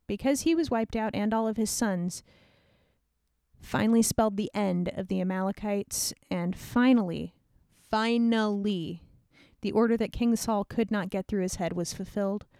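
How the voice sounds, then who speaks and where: A woman podcast host narrating an old story in a lively, slangy, conversational way. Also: medium pitch, no room sound, studio quality.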